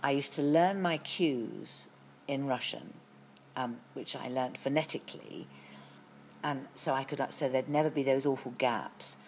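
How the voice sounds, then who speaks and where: Middle-aged british actress w a low voice spinning long stories, lots of restarts, faint hiss behind. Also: female voice, measured pace. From Britain. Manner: lively storytelling with frequent restarts. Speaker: actress as guest. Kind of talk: anecdotal interview chat.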